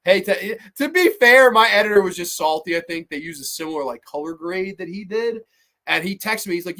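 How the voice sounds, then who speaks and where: A male horror podcast host chatting casually on a livestream. His voice sits a touch high, and he rants with plenty of swearing. He stammers and restarts whenever he gets heated. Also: fairly quick. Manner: ranting, profane, animated, stammering restarts.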